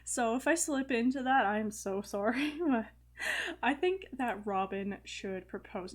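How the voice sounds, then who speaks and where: A woman's voice: a little high, lively intonation, unhurried. A young woman casually commenting on her life-simulation gameplay, chatty, with frequent fillers and light laughs. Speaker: gaming video host. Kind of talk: casual let's-play commentary.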